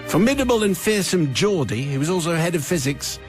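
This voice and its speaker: A radio host reading a listener's confession letter aloud with wry, theatrical storytelling, in a studio. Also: male voice, sits high, big pitch swings, a little fast, soft background music. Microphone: studio microphone.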